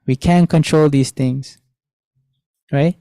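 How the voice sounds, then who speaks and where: A man's voice: a little high, fairly even intonation, slow, warm tone, dry recording, low-quality recording. A young man teaching children an online class, telling a story and asking them questions, repeating the key lines. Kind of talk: storytelling lesson to kids.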